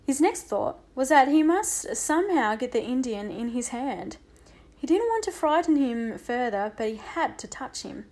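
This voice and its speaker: A woman narrating a children's audiobook with a lively, expressive reading. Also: high-pitched, moderate pace.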